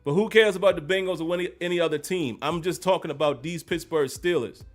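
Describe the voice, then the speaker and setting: Man, football recap host, emphatic, repeats himself for emphasis, slightly high voice, faint music underneath. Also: fast talker. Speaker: sports commentary host. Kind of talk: live-streamed football recap.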